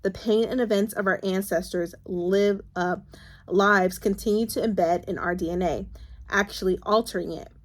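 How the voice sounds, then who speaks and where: A woman's voice: medium pitch, fairly even intonation, normal speed, close to an everyday voice. A woman reading aloud the lines of an earnest adult man explaining research, in a plain voice. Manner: plain read-aloud dialogue.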